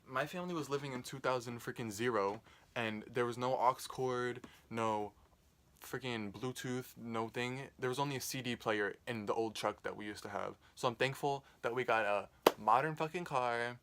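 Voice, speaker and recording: A man's voice: mid-range voice, normal speed, fairly bright tone. A young man casually telling a rambling, profane storytime, full of "like". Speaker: vlogger.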